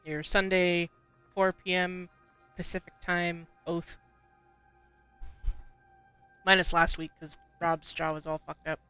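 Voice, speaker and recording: A man with a bright, clear, high-set voice chats casually during a co-op game stream. He laughs often and swears freely. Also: flat delivery, slow pace, pauses often, soft background music. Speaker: co-op gaming streamer. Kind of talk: casual chat while gaming.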